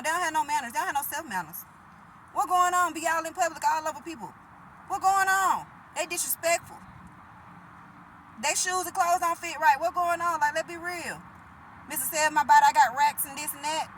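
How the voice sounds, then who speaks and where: Blunt, high-voiced woman in her thirties. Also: pushed and bright, a little hiss or hum, rough recording. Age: 30s. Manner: blunt, profane, preachy and emphatic. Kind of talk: casual talking to the camera.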